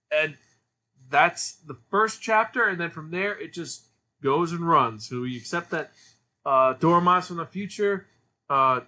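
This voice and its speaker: A man's voice: a little high, bright, forceful tone. A man hosting a casual solo podcast review, talking in an enthusiastic, rambling way. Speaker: podcast host.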